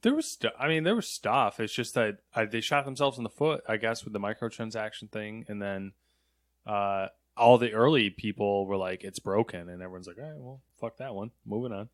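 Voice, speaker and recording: A man's voice: fairly low pitch, brisk, no room sound, studio quality. A man co-hosting a gaming news show, reading stories and trading easygoing banter.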